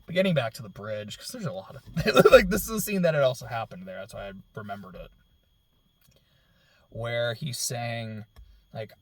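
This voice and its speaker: A man giving a casual, emotional film reaction, rambling with many fillers and dropping very soft when moved. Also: mid-range voice, lively intonation, normal speed. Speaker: film reviewer.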